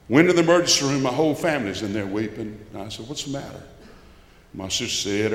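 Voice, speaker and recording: A man in his sixties with a Georgia Southern accent, telling a personal testimony in church in a folksy storytelling way that swings between loud and hushed. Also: fairly low pitch. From South Georgia, USA. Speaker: guest speaker giving a testimony. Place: church sanctuary. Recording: roomy, echoing church hall.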